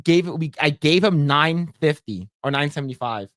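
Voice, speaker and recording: A man's voice: fairly high pitch, lively intonation, normal speed, a bit bright, no echo, clean studio sound. A man co-hosting a podcast, telling a rambling gaming story with lots of fillers and frequent laughter. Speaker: podcast co-host. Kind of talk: casual chat, storytelling.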